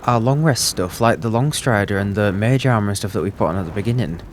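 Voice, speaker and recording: A man hosting a let's play, chatting excitedly and thinking aloud as he plays. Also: fairly low pitch, fast talker, slight background noise. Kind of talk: gaming commentary.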